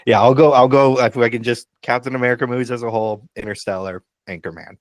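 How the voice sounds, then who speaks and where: A middle-aged man, a pastor, chatting casually on a podcast over a video call, relaxed and hesitant with frequent ums. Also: medium pitch, fast, no echo. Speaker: pastor and co-host.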